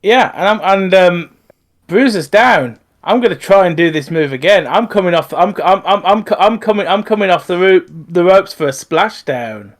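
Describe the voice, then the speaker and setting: Man, fairly high voice, eager player who stumbles over his words. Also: lively intonation, moderate pace. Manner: stammering, eager. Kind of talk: casual tabletop play.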